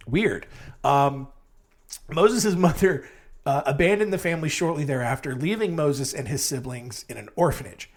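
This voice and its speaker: A sleepy young man hosting a comedy true-crime podcast, rambling and self-mocking, with sudden jumps in pitch. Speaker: podcast host.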